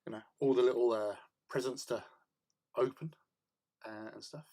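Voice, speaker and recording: Brief: man, stream host, mid-pitched, easygoing rambling chat full of ums, greets viewers by name. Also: fairly even intonation, normal speed. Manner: rambling, chatty, many ums and soft laughs. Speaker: hobby livestream host. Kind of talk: casual livestream chat. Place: home hobby desk, painting a model.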